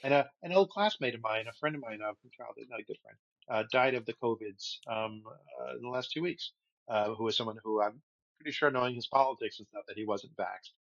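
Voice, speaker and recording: A man's voice: mid-range voice, brisk, vocal fry, fairly bright tone, dry recording, lo-fi sound. A man co-hosting a podcast in casual political chat, with wry, sarcastic asides. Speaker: podcast co-host.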